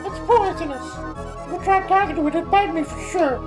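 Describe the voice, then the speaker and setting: A woman voicing a frightened young female companion, reading visual novel lines aloud in a high, breathless voice. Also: brisk, music in the background. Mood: alarmed. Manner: high, breathless, alarmed calls.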